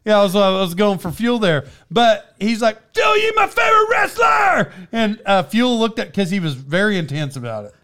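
A man telling a story in casual chat, animated, breaking into loud impressions of an excited fan. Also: high-pitched, normal speed, hardly any pauses, clear, resonant tone.

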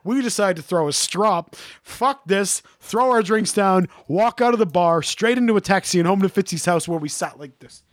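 A man in his thirties telling a story in casual chat, animated and profane, acting out chants and shouts. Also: sits high, moderate pace, few pauses, no room sound, clean studio sound.

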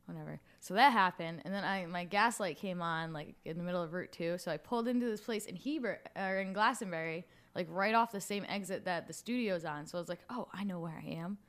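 A woman's voice: fairly low pitch, a little fast, hardly any pauses, fairly bright tone, clear, resonant tone. A young woman from New chatting casually on a podcast, telling a story with lots of "like". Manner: storytelling with frequent "like". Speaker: podcast co-host. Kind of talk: casual chat.

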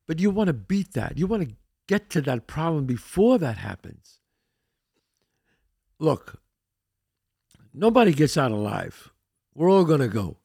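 Animated, gravelly man giving a pep talk. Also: fairly high pitch, measured pace, long pauses, dry recording, clean studio sound. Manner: emphatic, animated, acts out quoted voices. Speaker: podcast host. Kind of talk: motivational monologue.

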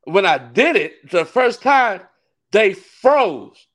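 A man, a pastor and wrestling ring announcer, telling a story in a casual interview, animated and laughing often as he acts out what others said. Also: high voice, slow pace. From California.

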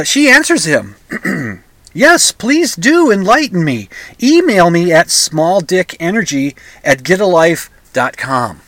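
A man's voice: mid-range voice, fairly bright tone, no room sound. An older man talking in a casual, rambling monologue, sarcastic, with frequent restarts and asides.

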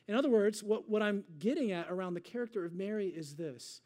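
A male pastor delivers a sermon in a high-pitched, mellow voice. He talks to the congregation in a loose, conversational way, then stretches out his readings of scripture with slow, dramatic emphasis. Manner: conversational asides.

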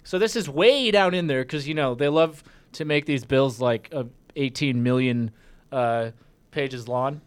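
A man's voice: mid-range voice, a little slow, smooth. Sarcastic male talk show host. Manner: sarcastic, excitable, directs the producer. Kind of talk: mocking political talk show.

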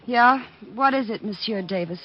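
An actress playing a spirited young woman in 1940s radio acting style, with a breathy voice. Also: a little high, normal speed, noisy background, close to an everyday voice. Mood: defiant. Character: spirited young woman, photographer, then frightened client. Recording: dull old radio recording.

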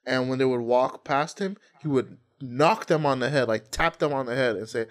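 Laid-back young man telling animated stories. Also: mid-range voice, moderate pace, hardly any pauses. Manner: laughs easily, animated storyteller, crude slang. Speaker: podcast host. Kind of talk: casual chat.

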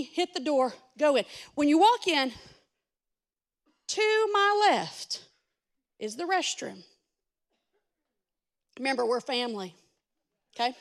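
Woman pastor, very high voice, sermon delivered as an animated self-mocking story.

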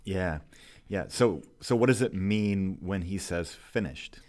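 A man's voice: sits low, takes it slowly, darkish tone. A man co-hosting a casual theological discussion, reflective and agreeable, often affirming his partner. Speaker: podcast co-host.

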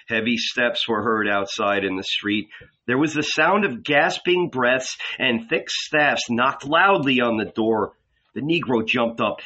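A man reading a novel aloud in deliberate, dramatic literary narration. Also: mid-range voice, dull audio. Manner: slow, expressive, deliberate. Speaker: audiobook reader.

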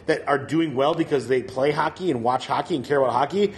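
A man co-hosting a comedy podcast, telling stories in a lively, swearing, animated way and mimicking other people. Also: a little high, quick pace, hardly any pauses. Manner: animated storytelling, swearing, mock voices. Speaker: podcast co-host. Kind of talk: casual comedic podcast banter.

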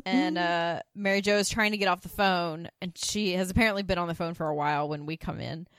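A woman's voice: steady tone, brisk, dry recording. Dry-sounding woman recapping a TV episode. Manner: retells scenes, mimicking characters in higher voices. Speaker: podcast co-host. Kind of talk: casual chat recapping a TV episode.

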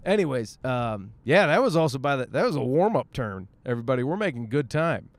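A man's voice: medium pitch, very animated, brisk. A man hosts a casual podcast monologue from his car, rambling, joking and swearing freely. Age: 30s. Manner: rambling, profane, jokey. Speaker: podcast host. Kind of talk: casual monologue while driving.

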